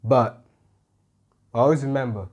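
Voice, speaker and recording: A man's voice: medium pitch, measured pace, darkish tone, husky. A man teaching an English grammar lesson, explaining patiently and often checking in with "right?". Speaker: English tutor.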